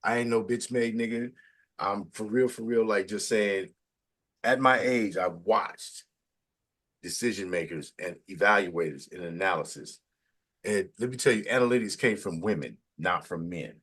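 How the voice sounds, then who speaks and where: A middle-aged man interviewing in casual chat, talking in a preachy, emphatic way, his pitch jumping up to stress a point. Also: moderate pace, fairly bright tone, breathy edge.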